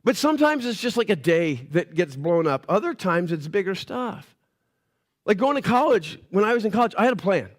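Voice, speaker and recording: High-voiced animated pastor preaching. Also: male voice, normal speed. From Canada. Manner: casual, animated storytelling with playful voices for characters. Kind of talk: sermon.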